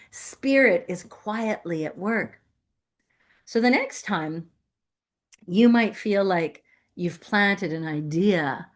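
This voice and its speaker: A woman giving a playful, emphatic inspirational sermon as a guest speaker, laughing often. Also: mid-range voice. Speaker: guest speaker at a spiritual center.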